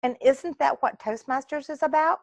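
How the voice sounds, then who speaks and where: A woman's voice: sits high, normal speed, gravelly, no echo. A woman giving an earnest, faith-minded speech from home over a video call. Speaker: club speaker.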